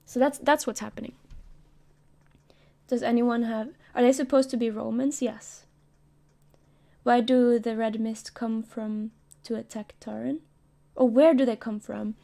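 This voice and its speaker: Soft-spoken woman with a gravelly, warm voice. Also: a little high, steady tone, measured pace. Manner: soft-spoken, rambling, giggly asides. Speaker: streamer. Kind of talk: casual live-stream commentary. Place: own room.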